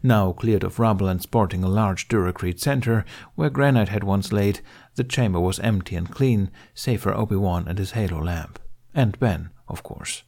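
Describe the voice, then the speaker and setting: A man narrating a fan fiction audiobook in a steady, even reading. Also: deep voice, normal speed, gravelly.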